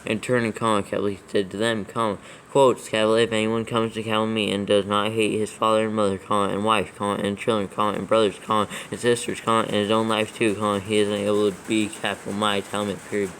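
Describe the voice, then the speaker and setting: A man's voice: fairly low pitch, little pitch movement, fast talker, hardly any pauses, a bit bright, a little hiss or hum, rough recording. A man reading scripture aloud for proofreading, steadily naming every comma, capital and quote mark as he goes. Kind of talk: dictating text with punctuation read aloud.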